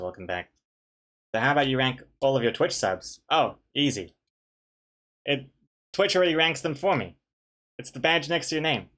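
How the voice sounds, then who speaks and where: A man's voice: medium pitch, a bit bright. A young man on a live stream, chatting casually while drawing a comic, reading out viewer messages and poking fun at himself. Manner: rambling, self-mocking, reads out chat messages and greets viewers.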